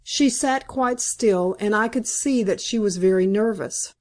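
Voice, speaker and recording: In a calm, measured way, a woman narrates an audiobook of a classic novel, her mid-range voice carrying a somewhat dark tone.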